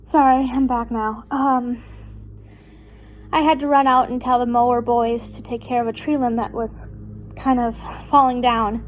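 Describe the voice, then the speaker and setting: A late-teen young woman reads fanfiction aloud at a slow, halting pace, her voice sitting fairly high. She stumbles, restarts and breaks into embarrassed, giggly asides. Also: level tone, a little hiss or hum. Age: late teens. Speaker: fanfiction reader. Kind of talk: amateur reading of fanfiction aloud.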